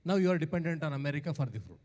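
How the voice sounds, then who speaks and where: A man speaks as a panelist at a medical education session. His voice sits a little high and sounds mellow and relaxed. He talks hesitantly, with frequent fillers and restarts. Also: racing, muffled recording. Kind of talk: discussion remarks.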